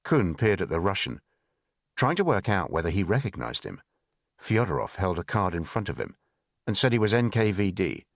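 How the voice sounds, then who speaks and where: A man reading a spy thriller audiobook in measured, expressive narration. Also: low voice, no echo, clean studio sound.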